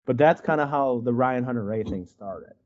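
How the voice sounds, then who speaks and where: A man's voice: mid-range voice, normal speed, darkish tone, lo-fi sound. Rambling man from Wisconsin on a video call. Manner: rambling, many likes and you-knows, acts out quotes. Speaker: guest artist. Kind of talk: casual storytelling on a video call.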